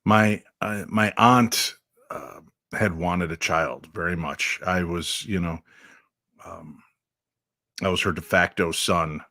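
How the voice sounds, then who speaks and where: A middle-aged man with a very deep, low voice tells a personal story as a radio guest. He speaks in a measured, reflective way with small hesitations. The sound is dry and close, with no room echo. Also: fairly even intonation, vocal fry, sharp tone.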